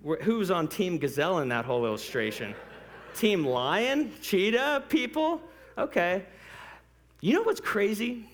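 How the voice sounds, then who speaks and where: This is a male pastor preaching with a high voice that swoops up and down. He jokes, laughs often and talks to the congregation as if chatting with them. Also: a little slow. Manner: animated and joking, laughs often; conversational, addresses the congregation directly. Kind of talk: sermon.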